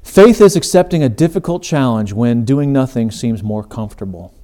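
Earnest man preaching, mellow voice. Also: medium pitch, lively intonation, moderate pace. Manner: earnest and emphatic. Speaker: podcast host. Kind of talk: faith talk sermon.

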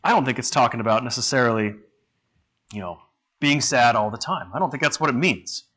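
A man's voice: medium pitch, brisk, sharp tone, husky. A man preaching a sermon in a conversational way, asking his listeners questions. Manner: conversational, asks the congregation questions.

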